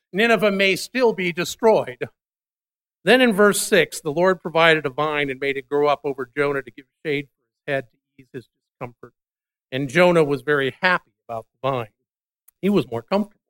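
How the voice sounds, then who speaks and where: A man preaching a sermon, retelling a Bible story with lively voiced dialogue. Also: high-pitched. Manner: animated storytelling, voicing biblical characters. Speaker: pastor.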